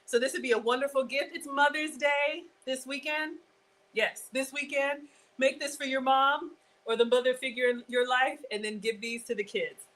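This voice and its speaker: A woman hosting a live cooking stream, chatty and excitable, talking straight to her viewers. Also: high voice, moderate pace, rough recording. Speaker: cooking show host.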